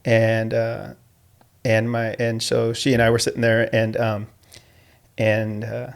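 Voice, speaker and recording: A man's voice: on the low side, monotone, slow pace, gravelly, clear, resonant tone. A middle-aged man, a teacher and coach, telling stories in an interview in an earnest, modest way with many restarts. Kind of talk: conversational interview storytelling.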